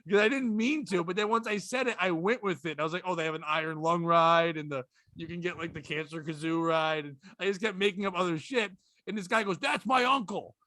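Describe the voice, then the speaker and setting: A man, a comedian guest, telling a story with casual profanity and deadpan delivery on a podcast. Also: on the high side, quick pace, hardly any pauses, dry recording, studio quality.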